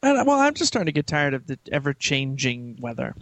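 Lively, teasing man co-hosting a podcast. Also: medium pitch, fairly quick, dry recording. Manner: laughs easily, teasing. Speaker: podcast co-host. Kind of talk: casual podcast chat.

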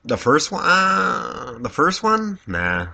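A man's voice: on the high side, takes it slowly, vocal fry. A man co-hosting a podcast, chatting casually about movies and asking follow-up questions. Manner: relaxed, asks follow-up questions, laughs easily. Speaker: podcast co-host.

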